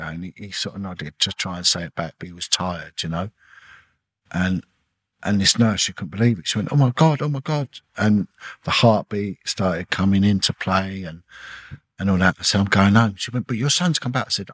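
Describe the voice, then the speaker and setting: A middle-aged man, a former detective, telling an emotional personal story in a halting way, repeating words and acting out what people said. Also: deep voice, fairly even intonation, fairly bright tone, husky, no room sound. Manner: halting, repeats words, acts out quoted dialogue. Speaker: podcast guest, former police detective.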